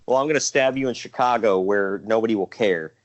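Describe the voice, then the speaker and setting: A man's voice: on the low side, fairly quick. A man co-hosting a casual wrestling podcast, ranting and joking and quoting people in mocking voices. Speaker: podcast co-host.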